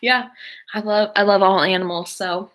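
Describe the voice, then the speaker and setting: On a relaxed live stream, a young woman talks at a moderate pace in a medium-pitched, fairly bright voice with fairly even intonation. She rambles, saying "like" and "um" constantly, while answering viewer comments.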